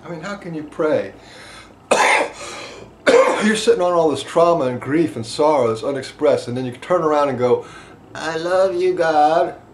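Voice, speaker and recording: A man teaching a group about emotional release, impassioned, swinging between loud emphasis and quiet asides. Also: a little high, moderate pace. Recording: echoey room with faint background noise.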